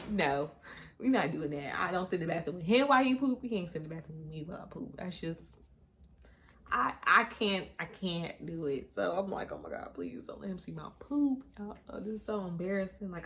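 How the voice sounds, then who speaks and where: A young woman telling her birth story in a casual storytime vlog, animated and candid, talking straight to her viewers and dropping into hushed asides. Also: medium pitch. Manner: animated and candid, often drops into hushed asides and laughs at herself; talks straight to viewers with frequent y'all.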